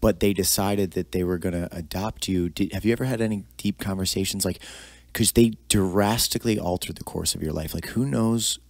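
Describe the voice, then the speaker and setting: A man's voice: low-pitched, brisk, darkish tone, no room sound. A man hosting an interview, asking long, meandering questions full of "like" and "you know.". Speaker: podcast host.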